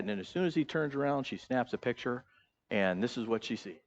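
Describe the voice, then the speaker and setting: A male pastor preaching a sermon, animated, acting out the characters' voices and putting questions to the congregation in a church. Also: mid-range voice, a little fast, dull audio. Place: church sanctuary.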